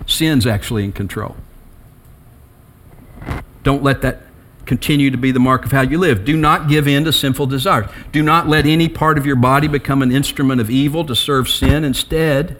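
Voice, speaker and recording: A middle-aged man preaching a sermon as pastor, telling personal stories between quiet reflection and emphatic rises. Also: mid-range voice.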